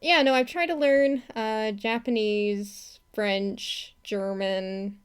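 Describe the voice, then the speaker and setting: A woman's voice: medium pitch, fairly even intonation, slow pace, clean tone. A woman chatting casually on a live stream while she animates, rambling and laughing often. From not from Texas. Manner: rambling, giggly, laughs often, many restarts. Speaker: animator streaming her work.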